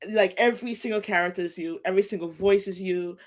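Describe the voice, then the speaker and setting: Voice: mid-range voice, fast talker. The host of a casual interview chat, who laughs easily and keeps nodding along with short replies.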